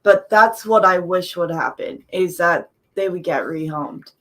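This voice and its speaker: A woman's voice: on the low side, measured pace. A woman on a casual commentary panel, sarcastic, laughing often and restarting her words. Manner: sarcastic, laughing, repeats herself. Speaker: panel guest.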